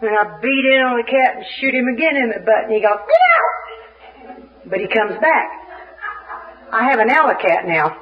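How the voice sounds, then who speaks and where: Animated woman telling a comic story. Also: on the high side, a little fast. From Little Rock, Arkansas. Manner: animated, comic storyteller who acts out scenes. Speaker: speaker at a recovery fellowship meeting. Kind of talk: humorous personal storytelling share. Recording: dull lo-fi archive tape.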